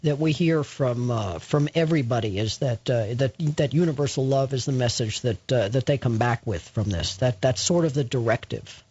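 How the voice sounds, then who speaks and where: A man hosting a radio talk show who interviews a guest in a measured way, pausing on fillers. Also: mid-range voice, darkish tone, slightly rough. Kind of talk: late-night radio interview. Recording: dry, muffled studio sound.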